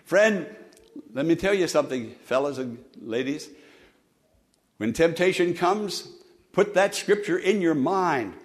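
A male pastor delivering a sermon, his fairly high voice rising loud for emphasis and then dropping to soft, low asides. He calls on the congregation to repeat lines back to him. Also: animated, unhurried, pauses often. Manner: leads the congregation in call-and-response.

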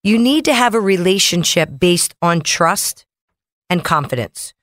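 A woman co-hosting a radio show as a mortgage loan officer, talking in a brisk, chatty way and reeling off numbers. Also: lowish voice, animated, a bit bright, dry recording. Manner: brisk, chatty, reels off figures. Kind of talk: casual radio talk. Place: radio studio.

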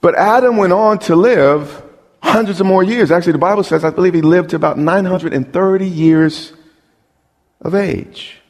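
A pastor with a fairly high voice preaches a sermon at a moderate pace, emphatic as he builds his point by repeating words and putting questions to the crowd. A long hall reverb surrounds him.

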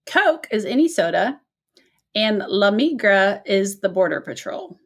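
A woman's voice: medium pitch, animated, slow. A woman co-hosting a podcast who lives in the American South, reading listener letters aloud and laughing along in casual chat. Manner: reads letters aloud, warm banter, laughs often. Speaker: podcast co-host.

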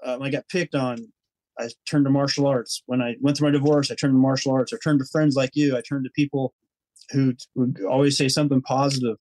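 A man's voice: medium pitch, flat delivery, fairly quick, a little mellow, no room sound, rough recording. A man telling his personal story as a podcast guest, earnest and rambling, acting out his own inner thoughts.

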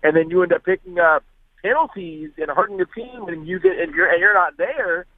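A man's voice: high voice, a little fast, dry recording. A man calling into a sports radio show, earnestly arguing his point and often restarting his sentences. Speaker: caller. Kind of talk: call-in opinion. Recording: tinny phone line.

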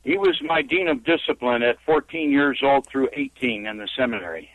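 A man from California calling in to a radio show, talking haltingly with many fillers and restarts. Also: medium pitch, expressive, vocal fry, no echo. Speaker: caller. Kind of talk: phone-in call to a radio show. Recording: tinny phone line.

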